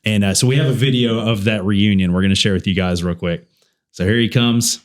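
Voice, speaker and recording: A young man co-hosting a church podcast, telling stories in an animated, casual way and often laughing mid-sentence. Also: lowish voice, a little fast. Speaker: podcast co-host. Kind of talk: casual chat.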